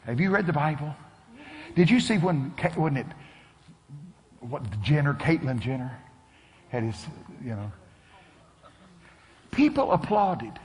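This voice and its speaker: Male preacher, somewhat high voice, lively sermon storytelling with shouted punchlines, long church-hall reverb. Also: measured pace, pauses often. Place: church sanctuary.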